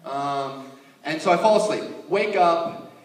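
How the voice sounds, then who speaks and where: A young man telling a stand-up story on stage, animated and laughing at his own tale. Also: on the high side, a little slow. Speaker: stand-up comedian. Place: stage in a hall with an audience. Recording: echoey, distant, noisy hall.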